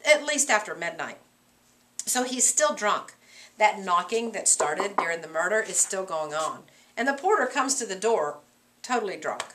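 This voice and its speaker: A middle-aged woman teacher lecturing a class on a play, animated and acting out characters' lines. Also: medium pitch. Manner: animated, acts out characters' lines in quick voices.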